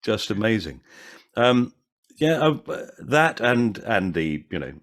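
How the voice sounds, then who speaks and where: An older man, an actor, chatting in an interview and telling anecdotes with animated impressions of fans. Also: sits low, a little slow. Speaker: actor guest. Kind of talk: casual interview chat.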